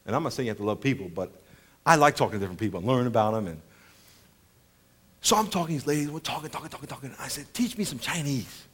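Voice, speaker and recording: A man's voice: medium pitch, racing, pauses often, husky. A man around forty preaching a sermon, telling stories with lots of laughter and acting out the people in them. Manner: animated, laughs often, mimics people in his stories. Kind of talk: storytelling sermon to a congregation.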